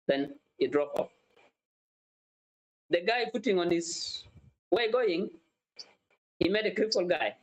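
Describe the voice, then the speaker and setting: High-voiced man telling a moral parable. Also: moderate pace, pauses often, rough recording. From South Sudan. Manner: tells a parable, acting out each character's lines. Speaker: podcast host. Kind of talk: storytelling podcast talk.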